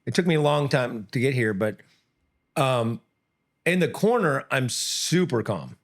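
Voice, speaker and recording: Animated middle-aged man telling stories. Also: a little slow. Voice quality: often breaks off and restarts sentences. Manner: animated storyteller, acts out quotes in high loud bursts. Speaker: MMA coach and comedian. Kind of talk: casual podcast chat.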